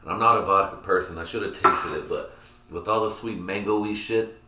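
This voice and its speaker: Male podcast host, lowish bright voice, rambling and profane, roomy echo. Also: moderate pace. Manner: rambling, swears a lot, laughs at his own jokes. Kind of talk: casual profane chat.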